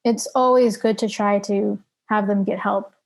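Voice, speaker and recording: A woman's voice: mid-range voice, steady tone, a little slow. A woman being interviewed about her work at a nonprofit, explaining things earnestly and casually, with fillers. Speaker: interview guest, nonprofit advocate.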